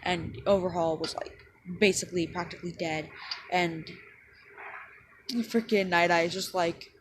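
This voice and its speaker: A woman casually telling a fan story, rambling along with lots of fillers and dropping into quick quoted lines. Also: on the low side, steady tone, noisy background.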